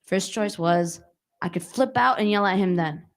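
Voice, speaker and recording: A woman's voice: mid-range voice, normal speed. A young adult woman giving a conversational talk to an audience at a community center, telling a personal story and often asking the listeners questions. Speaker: guest speaker. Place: community hall.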